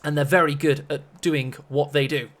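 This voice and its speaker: A man's voice: fairly high pitch, fairly even intonation, moderate pace, fairly bright tone. A man casting a strategy-game match on a live stream, chatty and rambling with self-mocking asides. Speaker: esports caster.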